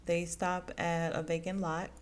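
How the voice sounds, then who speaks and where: A woman's voice: fairly low pitch, little pitch movement, unhurried, clear, resonant tone. A woman hosting a podcast, casually recapping a TV episode and quoting the characters' lines in a conversational way. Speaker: podcast host reviewing a TV episode.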